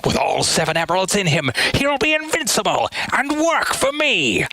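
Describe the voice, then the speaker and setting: A man voicing a scheming older male mad scientist villain who gloats in a slow, theatrical way. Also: high-pitched, sing-song, bright, forceful tone, no room sound, pitched above the performer's own voice, full character voice. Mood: gloating. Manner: gloating, drawn-out theatrical delivery.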